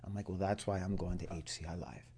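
A man with a low, mellow voice tells a personal story to a group. He talks earnestly and animates the lines he quotes from others. The tone stays relaxed and unforced. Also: fast, a little hiss or hum. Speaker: coaching student.

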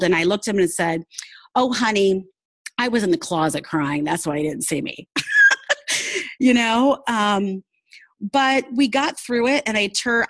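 Recorded dry, a woman with a mid-range voice opens up as an interview guest in a candid personal conversation. Her manner is earnest and heartfelt, and laughter often breaks into her storytelling.

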